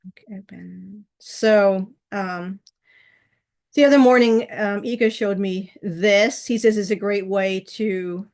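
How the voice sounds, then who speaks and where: A woman's voice: medium pitch, fairly even intonation, slow pace, a little mellow. A middle-aged woman hosting her own vlog, chatting casually in a rambling way with frequent restarts and laughs. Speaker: channel host.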